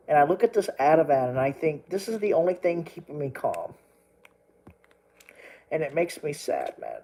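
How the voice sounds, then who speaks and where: A man's voice: a little high, mellow, rough recording. A young man from Texas, a storm chaser vlogging, rambling emotionally and crying as he repeats himself. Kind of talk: emotional vlog rant.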